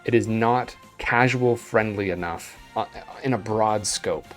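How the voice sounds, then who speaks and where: Young guy ranting about games, low voice, opinionated, faint music behind. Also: a little slow. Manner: animated, opinionated, acts out his reactions. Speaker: video game reviewer. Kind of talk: tier list commentary.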